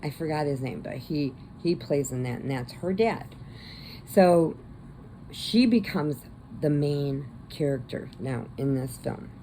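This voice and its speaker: A woman's voice: sits low, lively intonation, takes it slowly, dark tone, a little hiss or hum, rough recording. A woman crochet vlogger chatting casually and rambling as she retells a movie plot. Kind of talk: casual chat.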